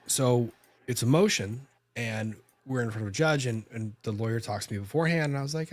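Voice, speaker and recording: A man's voice: on the low side, normal speed, no room sound. A man, a lawyer hosting a podcast, telling a story in a casual, conversational way with frequent restarts and self-corrections.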